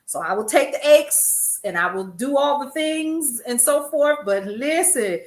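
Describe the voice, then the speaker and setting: A woman's voice: high voice, lively intonation, a little slow, roomy sound. An older woman, a grandmother, hosting a casual news commentary stream, chatty and laughing often as she talks to her viewers. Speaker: host.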